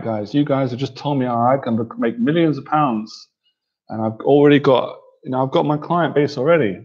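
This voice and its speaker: A man's voice: medium pitch, breathy edge, muffled recording. A man hosting a casual livestream, reading viewer comments and cracking up with laughter, sounding tired. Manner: giggly, keeps cracking up laughing. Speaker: livestream host and coach.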